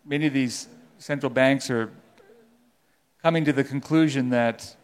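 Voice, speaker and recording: A man's voice: mid-range voice, unhurried. A man from a legal department answering a conference question with careful, hedging wording.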